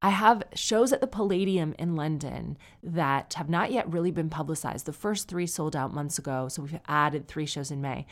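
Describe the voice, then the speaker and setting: A woman's voice: low-pitched, moderate pace, hardly any pauses. A woman in her forties hosting a podcast, chatting casually and wryly as she reads out listener emails. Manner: chatty, wry, teasing. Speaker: podcast host and comedian.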